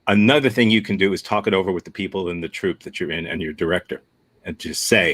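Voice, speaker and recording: Low-voiced man teaching improv, halting and frank. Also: fairly even intonation, a bit bright. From United States. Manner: thoughtful, frank, halting with many restarts. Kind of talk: answering a student's question in a workshop.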